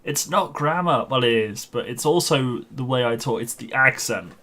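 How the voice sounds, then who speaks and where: A male streamer talks casually as he plays, his voice sitting at an ordinary middle pitch. He rambles loosely from one anecdote to the next. He chuckles at his own stories as he goes. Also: expressive, normal speed, pushed and bright. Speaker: game streamer. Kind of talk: casual chat while gaming.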